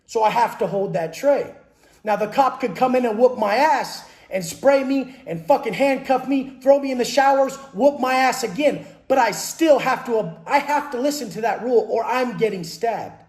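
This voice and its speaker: A man's voice: extremely high pitch, lively intonation, moderate pace, darkish tone. A man, a fitness and mindset coach, talking bluntly and profanely about life in prison, with hard emphatic delivery. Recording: roomy echo.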